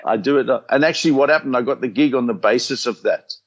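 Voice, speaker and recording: An older South African man tells stories from his comedy career in an easygoing interview. He acts out the voices in his anecdotes with animated bursts. The sound is a little dull and lo-fi. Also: medium pitch, fast. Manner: animated anecdotes, acting out quotes. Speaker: comedian guest. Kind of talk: storytelling interview chat.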